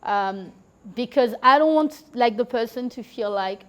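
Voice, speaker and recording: With a fairly bright, slightly high voice, a woman speaks animatedly but at a measured pace as a guest on a podcast. Her casual storytelling is loaded with "like" and "you know," broken up by an occasional laugh.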